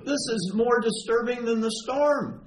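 A man preaching a sermon in a conversational, animated way, retelling stories and asking his listeners questions. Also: extremely high pitch, a little slow. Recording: echoey room with faint ambient noise.

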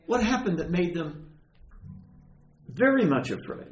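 Animated preacher man in an echoey church. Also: on the high side, measured pace, lo-fi sound. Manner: conversational, animated, asks the congregation questions. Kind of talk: sermon. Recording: echoey room with faint ambient noise.

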